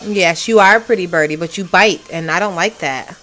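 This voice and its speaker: A woman's voice: on the low side, fairly quick, bright, forceful tone. A woman talking to her pet bird on a phone, teasing and scolding it in a playful way. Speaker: pet owner. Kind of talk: casual chat with a pet bird.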